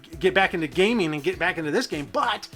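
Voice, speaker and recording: A man's voice: high voice, animated, fast, bright, forceful tone, faint music behind. A man hosting a city-building gameplay video, rambling and thinking aloud in a goofy, self-deprecating way. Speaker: gaming channel host.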